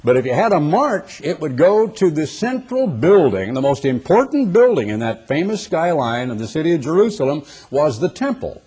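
Husky man preaching. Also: a little high, big pitch swings, normal speed, hardly any pauses, warm tone. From United States. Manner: emphatic, with rhetorical questions to the audience. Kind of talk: sermon.

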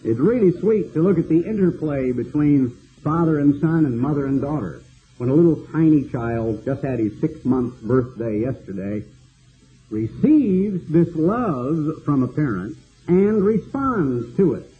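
An older man preaching a sermon, slow and cadenced, building long repeated lists. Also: fairly high pitch, animated, phone-quality sound, faint music behind.

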